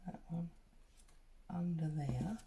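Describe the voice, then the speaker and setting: A woman's voice: lowish voice, takes it slowly, dark tone. A middle-aged woman, chatting and telling a rambling story while she does paper crafts at home. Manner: chatty, rambling, wanders off and back to her story. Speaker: craft vlogger.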